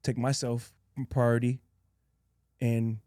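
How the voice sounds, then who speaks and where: Supportive male podcast host, mellow. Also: medium pitch, little pitch movement, slow, no echo, clean studio sound. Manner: supportive, reflective, short affirmations. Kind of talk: casual interview chat.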